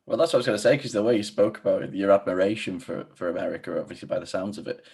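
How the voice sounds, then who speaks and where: A podcast host with a low, slightly husky voice, asking questions haltingly with lots of fillers. The tone is casual and unhurried as he wraps up the chat. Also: a little mellow. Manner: hesitant, filler-heavy wrap-up questions.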